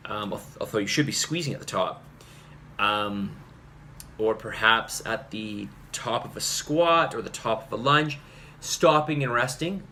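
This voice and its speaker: Earnest bright-voiced fitness coach, man. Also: mid-range voice, a little hiss or hum. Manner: earnest, rambling, many fillers and restarts. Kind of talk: casual talk to camera.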